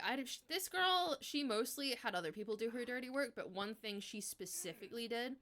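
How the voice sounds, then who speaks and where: Bright-voiced young woman telling a story. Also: medium pitch. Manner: animated, swears freely, laughs between lines. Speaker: streamer. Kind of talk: casual storytelling chat.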